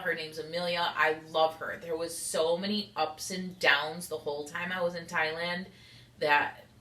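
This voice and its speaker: A woman's voice: fairly low pitch, sharp tone. A young woman rambling candidly in an unedited confessional vlog, saying "like" a lot. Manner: rambling, candid, heavy use of "like". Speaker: vlogger. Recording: echoey room.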